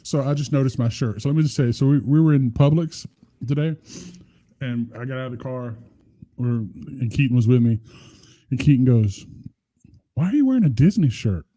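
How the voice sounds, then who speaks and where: A man's voice: medium pitch, fairly even intonation, moderate pace, warm tone, no room sound. A middle-aged man co-hosting a podcast, rambling through stories with plenty of swearing. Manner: rambling, profane storytelling. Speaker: podcast co-host. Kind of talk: casual chat.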